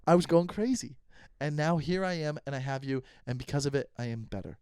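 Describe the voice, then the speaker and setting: A man's voice: on the high side, a little fast, darkish tone, clean tone, no echo, clean studio sound. A man hosting his own comedy podcast, talking in a casual, rambling, mock-earnest way and stumbling over his words.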